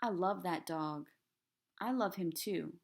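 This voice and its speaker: A woman reading aloud, voicing a sad, gentle preacher father who speaks softly and wearily. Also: lowish voice, takes it slowly, creaky. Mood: tender.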